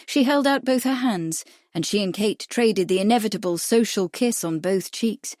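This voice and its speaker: A woman's voice: mid-range voice, moderate pace, a little mellow, no echo, studio quality. Woman reading a mystery novel aloud. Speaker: audiobook narrator. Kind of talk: scripted narration.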